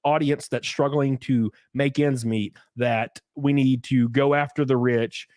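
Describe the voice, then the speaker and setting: A young man hosting a podcast, chatting casually in an animated, ranting way and mocking others' voices. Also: mid-range voice, unhurried, no echo, clean studio sound. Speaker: podcast host. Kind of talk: casual opinionated chat.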